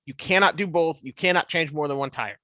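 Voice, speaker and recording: A man in his twenties, a podcast guest, telling stories in a casual, animated way. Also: fairly high pitch, fairly quick, dry recording. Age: 20s. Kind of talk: casual storytelling.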